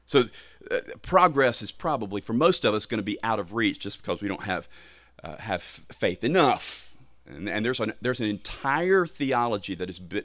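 A man preaching a sermon, emphatic, with swells in pitch and volume on key phrases. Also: fairly bright tone, no echo.

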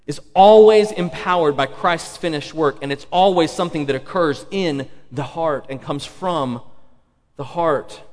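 A male pastor preaching a sermon, emphatic, repeating key phrases and asking the congregation rhetorical questions. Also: fairly high pitch. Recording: long hall reverb.

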